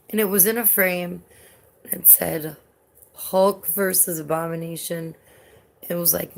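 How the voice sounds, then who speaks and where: A woman's voice: fairly low pitch, gravelly. A young woman vlogger telling a story in a rambling, casual way, filling her talk with "like" and swearing freely. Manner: rambling, heavy use of "like", swears often.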